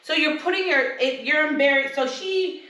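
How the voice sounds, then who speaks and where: A woman co-hosts a casual podcast, retelling events with animated energy and leaping into high voices for quotes. Her voice sits slightly high and a little away from the mic. The room around her is very echoey. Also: moderate pace, recorded from a distance. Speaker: podcast co-host. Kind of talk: casual chat.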